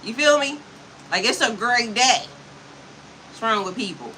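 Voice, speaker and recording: A spiritual coach in her fifties chats with her livestream audience via a computer mic, profane and sassy with frequent laughter. Her fairly high voice is bright, forceful and lively yet unhurried. The recording is low quality with slight background noise.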